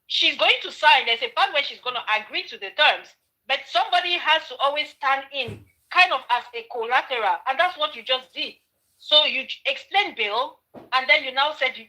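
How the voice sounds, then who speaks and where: A woman's voice: high-pitched, bright, forceful tone, poor audio. A woman hosting a commentary channel, arguing her point in an opinionated monologue full of rhetorical questions and restarts.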